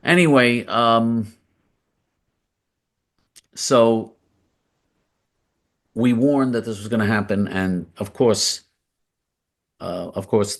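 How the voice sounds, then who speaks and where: In a lowish, slightly bright voice, a male political commentary host gives a blunt, combative monologue. He keeps repeating phrases for emphasis.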